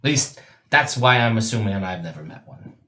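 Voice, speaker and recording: A man acting as dungeon master, narrating a tabletop game in a relaxed, joking way with many fillers. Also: on the low side, brisk, slight background noise.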